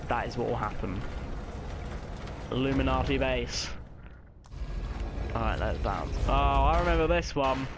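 Man, casual game commentary, mid-pitched, swears a lot, background noise audible. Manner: chatty, swears often, reacts loudly to the game. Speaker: let's play gamer.

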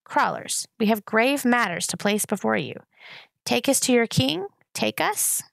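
A woman's voice: on the high side, lively intonation, unhurried, vocal fry, fairly bright tone, no room sound, voice pushed up, full character voice, poor audio. A woman doing a solemn older leader. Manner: formal and solemn.

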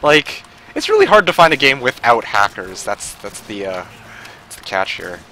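A man giving casual live commentary while playing an online shooter, muttering, swearing and breaking into yells and laughter. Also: mid-range voice, big pitch swings, normal speed, a little hiss or hum. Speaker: gaming livestreamer.

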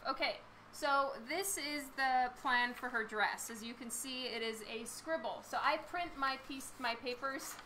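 A woman artist chatting casually with her live-stream viewers while she draws, laughing often, her voice a little hoarse. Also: on the high side, bright, forceful tone, a little hiss or hum, low-quality recording. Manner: chatty, laughs often, reads and answers chat. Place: home studio with a fan running.

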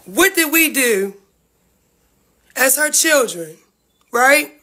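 A woman's voice: high voice, lively intonation, takes it slowly, pushed and bright. A woman venting to her livestream viewers about family feuds, blunt, profane and heartfelt. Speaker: reality-TV family member livestreaming.

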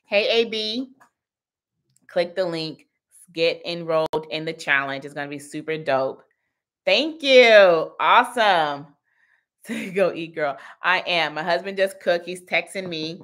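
A woman's voice: fairly low pitch, a little slow, fairly bright tone. Bubbly, chatty woman livestreaming. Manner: chatty, laughs often, reads out chat comments. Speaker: cleaning business coach hosting a livestream Q&A. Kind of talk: casual livestream chat.

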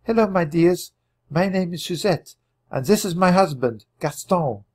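A gentle, motherly farm wife , voiced by a man in a storybook reading, pitched high above his own voice and a little husky. She sounds soft and welcoming. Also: animated, measured pace.

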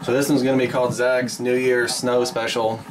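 A man's voice: medium pitch, flat delivery, moderate pace. A man hosting a casual online gaming session, joking around and teasing his friends. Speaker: host of a gaming video. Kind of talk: casual gaming party chat. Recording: noisy online game chat.

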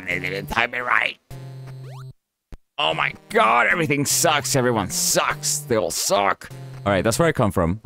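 A man's voice: mid-range voice, fairly bright tone. A man commentating his own gameplay, often frustrated, swearing and laughing at himself, sometimes pleading with the game. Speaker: gaming channel host. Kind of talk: live let's play commentary.

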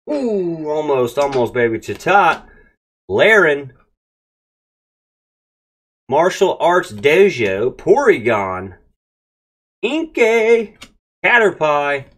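Excitable guy opening card packs on camera, voice jumps all over the place, talks right to the viewers. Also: fairly high pitch, slow pace, long pauses. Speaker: card-opening channel host. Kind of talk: casual pack-opening vlog.

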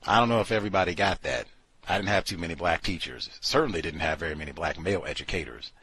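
A man's voice: low-pitched, fast talker, husky, dry recording. A man hosting a talk show, giving casual, sardonic commentary full of asides. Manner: animated, sardonic, conversational with fillers. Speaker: radio show host.

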